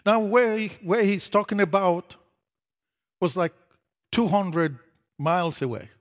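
Guy telling his conversion story from the pulpit, takes his time, gets loud and fired up at the big moments. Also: sits high. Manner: storytelling, slow, builds to loud emphatic peaks. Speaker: preacher sharing his testimony. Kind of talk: sermon testimony.

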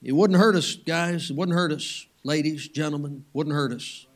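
A man preaching a sermon, swinging between loud, urgent passages and hushed, soft ones, with folksy joking asides. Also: fairly high pitch, normal speed. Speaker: pastor.

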